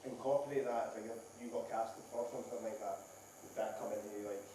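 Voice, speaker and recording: A man's voice: fairly low pitch, steady tone, warm tone, far from the mic, slight background noise. Echoey off-mic Scottish man. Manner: hesitant, halting questions. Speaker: interviewer. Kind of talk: casual chat.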